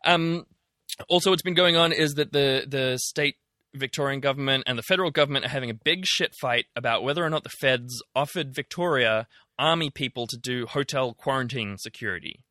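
A man's voice: medium pitch, a little fast, bright, forceful tone, dry recording, clean studio sound. A man co-hosting a podcast, talking through the news in a chatty, sarcastic way with many ums. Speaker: podcast co-host. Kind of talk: casual news chat.

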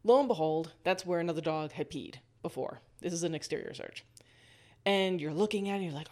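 A woman hosting a casual storytelling monologue, lively, laughing often and walking the listener through a scene. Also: lowish voice, a little fast.

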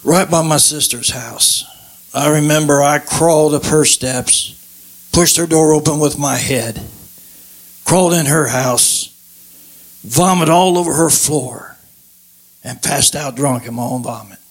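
Man, high gravelly voice, plainspoken testimony storytelling. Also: unhurried. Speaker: guest giving his testimony. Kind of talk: recorded spoken testimony.

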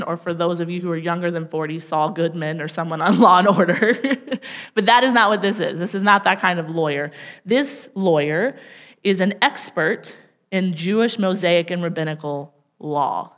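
A woman's voice: on the low side, long reverb tail. A woman pastor preaching a sermon, telling a story with self-deprecating humor and frequent laughs. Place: church sanctuary.

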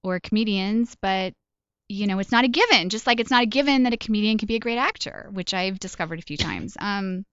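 A woman's voice: medium pitch, lively intonation, brisk, a bit bright, clean tone, no echo, highs cut off. A woman comedian and voice actor chatting in an interview, telling stories in a self-deprecating way with laughs along the way. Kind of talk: casual interview chat.

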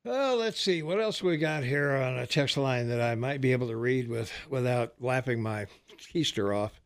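A man's voice: medium pitch, animated, moderate pace, clean tone. An older man hosting a talk radio show, rambling through political banter with lots of fillers and easy laughter.

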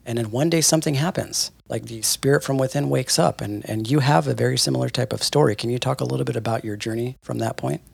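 A man's voice: mid-range voice, fast, creaky, hardly any pauses, breathy edge, no room sound. A man hosting a podcast, asking thoughtful, loosely phrased questions. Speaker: podcast host. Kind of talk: interview questions.

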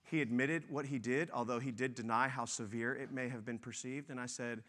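A man's voice: mid-range voice, fairly even intonation, a little fast, few pauses, a bit bright. A man preaching a sermon, telling stories and stressing his points with force. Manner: storytelling, emphatic, says y'all. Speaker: pastor.

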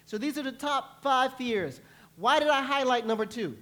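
A male pastor preaching a sermon, telling lively stories and acting out panicked voices. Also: extremely high pitch, normal speed. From New York. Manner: animated storytelling, acts out panicked voices. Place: church.

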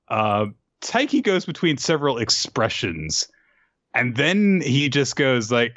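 A man co-hosting a casual podcast, recapping manga chapters with lively impressions of the characters. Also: dry recording, dull audio. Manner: animated, jumps into quick high voices for quoted characters. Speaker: podcast co-host.

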